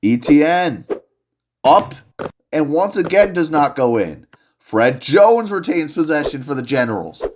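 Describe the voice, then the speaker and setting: Excitable young man calling basketball plays. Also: fairly high pitch, unhurried, slight background noise. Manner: excitable, jokey, rises to shouts on big plays. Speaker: play-by-play commentator. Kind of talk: solo video game basketball commentary.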